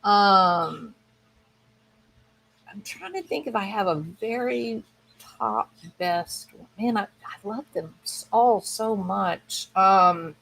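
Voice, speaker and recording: Slow-talking, chatty woman streamer. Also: medium pitch, animated, gravelly, fairly bright tone, slight background noise. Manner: rambling, enthusiastic, thinking aloud. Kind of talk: casual chat.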